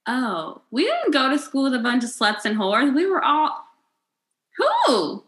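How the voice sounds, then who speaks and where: A young American woman co-hosting a casual chat, playful and joking, swearing freely, with sudden high-pitched outbursts. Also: huge pitch swings, a little slow, a bit bright, poor audio. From United States. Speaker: podcast co-host.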